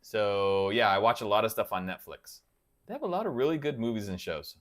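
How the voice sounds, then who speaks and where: A man's voice: on the low side, big pitch swings, fairly quick, fairly bright tone. A man hosting a casual livestream, chatting loosely and answering viewers by name. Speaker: guitar channel host reading live chat.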